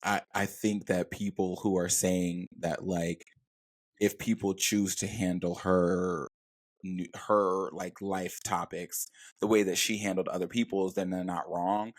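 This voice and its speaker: A man's voice: deep voice, little pitch movement, a little slow, dry recording, clean studio sound. A man co-hosting a podcast, talking things through thoughtfully with many hedges and fillers. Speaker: podcast co-host. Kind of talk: casual conversation.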